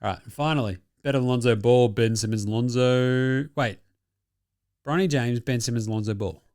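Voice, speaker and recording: A man with an Australian accent hosts a casual basketball recap, profane and jokey, laughing often. His mid-range, darkish voice moves at normal speed and sounds clean, with clean studio sound and no room sound.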